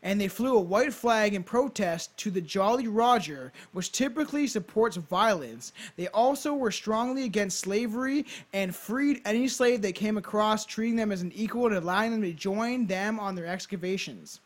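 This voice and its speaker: High-pitched male podcast host, casual, reads notes with swearing asides. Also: moderate pace, hardly any pauses. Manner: reads facts aloud with offhand swearing asides. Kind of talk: casual chat reading history notes. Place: hot home basement.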